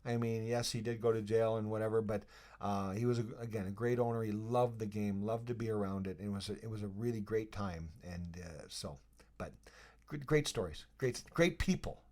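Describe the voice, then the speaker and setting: Animated man telling hockey stories. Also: on the low side, a little fast. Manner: animated, laughing storyteller who acts out scenes and rambles with fillers. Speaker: guest, retired hockey player. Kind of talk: casual storytelling interview.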